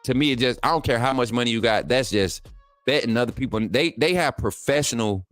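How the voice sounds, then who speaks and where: A man hosting a casual livestream, talking loosely with his viewers and jumping up in pitch when he gets excited. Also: a little fast, dry recording, soft background music. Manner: laid-back, talks to chat as "man" and "y'all", pitch jumps up when excited. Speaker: livestream host. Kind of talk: casual livestream chat reading viewer comments.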